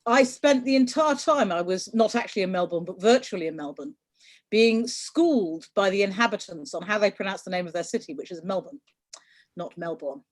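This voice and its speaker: A woman talks on an online panel in a chatty, teasing and opinionated way. Her voice is mid-pitched and ordinary, coming over a video call. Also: lively intonation, a little fast.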